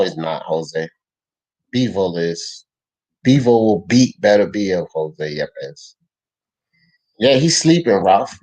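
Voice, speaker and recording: A young man hosting a casual live boxing talk stream, reading the chat out loud, answering it, and arguing in slang. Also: fairly low pitch, poor audio. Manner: animated, slangy, argues with chat.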